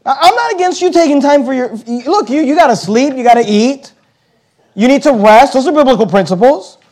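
A man delivers a sermon in a high voice. He slows down hard on the words he wants to land and circles back on his phrases with emphatic repetition. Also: animated, a little mellow. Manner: emphatic, slows on key words, repeats himself. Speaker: pastor.

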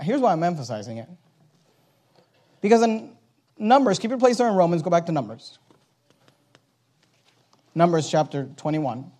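A man preaching a sermon with emphasis, driving points home loudly and then dropping to quiet asides, and reading scripture aloud. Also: very animated, moderate pace, long pauses. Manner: emphatic, swings from loud urgent points to low quiet asides; reads scripture aloud in old-fashioned wording.

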